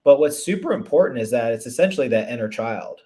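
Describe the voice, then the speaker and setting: A man's voice: medium pitch, expressive, quick pace, mellow. Earnest man, reflective relationship coach. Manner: earnest and reflective, many restarts and "you know" fillers. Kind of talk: conversational interview.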